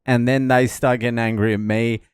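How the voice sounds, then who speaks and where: A man's voice: mid-range voice, fairly quick, clear, resonant tone, no room sound, studio quality. A middle-aged man swearing freely as he recounts a stressful arrival in a casual travel vlog. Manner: swearing, animated storytelling. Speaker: vlogger.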